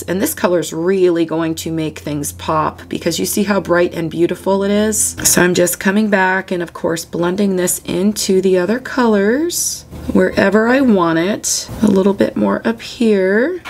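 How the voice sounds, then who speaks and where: Chatty woman demonstrating coloring. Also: medium pitch. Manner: gushing, chatty, talks while working. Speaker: coloring tutorial host. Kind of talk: casual step-by-step demonstration.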